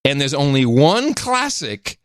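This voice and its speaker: Animated male podcast co-host. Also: on the high side, measured pace, dry recording, studio quality. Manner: animated, mimics voices when quoting. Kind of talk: casual chat.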